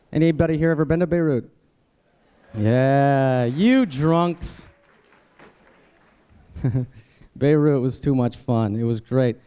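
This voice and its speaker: Taking it slowly with long pauses, an American comedian works a live crowd at a dinner event hall. His voice is dark and clean in tone, his style conversational, and he breaks into exaggerated, high-pitched character voices when quoting people.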